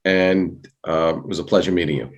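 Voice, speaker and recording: A man with a low voice runs a town board meeting in a polite, procedural way. He introduces members and explains the order of business. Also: fairly even intonation, brisk, highs cut off. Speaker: town administrator. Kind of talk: chairing a public meeting.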